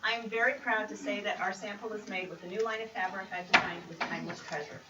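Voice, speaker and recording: Speaking at a quick pace with a steady, mid-range voice, a woman who designs quilt patterns demonstrates quilting in a creative center studio. Her delivery is relaxed and conversational, sprinkled with cheerful asides, and the audio is roomy, distant, and noisy.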